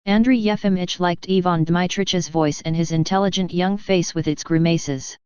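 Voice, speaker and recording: Clear-voiced woman narrating a story. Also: on the low side, steady tone, moderate pace, hardly any pauses, darkish tone, no echo. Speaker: audiobook narrator. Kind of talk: scripted narration. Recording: dull dry studio audio.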